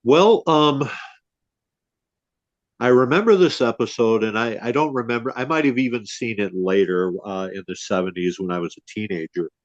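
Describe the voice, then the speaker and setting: Older guy host telling a story slow, lots of "and, uh", kinda muffled dry audio. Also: medium pitch, animated, no echo. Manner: storytelling, unhurried with many "and, uh" restarts. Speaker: podcast host. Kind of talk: casual chat.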